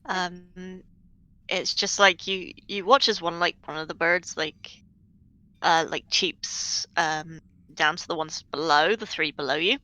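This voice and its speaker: Slow, hesitant woman game master. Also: on the low side, steady tone, bright, forceful tone, dry recording, poor audio. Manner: hesitant, full of fillers. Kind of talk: narrating a tabletop game.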